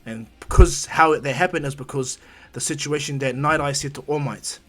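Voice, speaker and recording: A man's voice: a little high, a little fast, a bit bright. A man improvising a fan fiction story in a rambling, conversational way.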